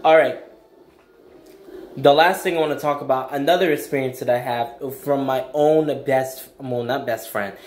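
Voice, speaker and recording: In an echoey room with slight background noise, a young vlogger in his early adult years rants in a mid-range voice. He hammers his points home bluntly and emphatically, repeating himself and slipping in slang.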